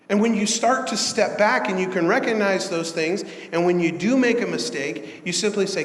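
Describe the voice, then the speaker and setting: A man's voice: sits high, normal speed, few pauses. A man preaching a sermon as pastor, in an earnest, conversational style that builds in emphasis. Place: church sanctuary. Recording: echoey church hall.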